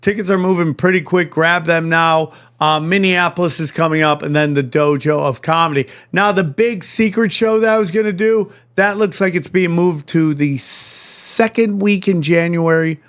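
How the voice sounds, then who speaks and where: A man's voice: fairly high pitch, fairly even intonation, normal speed, hardly any pauses, a bit bright, smooth. A man hosting a podcast in casual chat, joking and swearing as he plugs tour dates. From United States. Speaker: podcast host.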